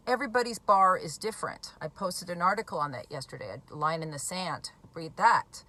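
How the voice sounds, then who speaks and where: Woman, recovering alcoholic, blunt, emphatic, bright voice, direct-to-camera talk. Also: lowish voice, animated, a little fast, few pauses. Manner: blunt, emphatic, swears freely. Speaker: recovering alcoholic speaking on addiction.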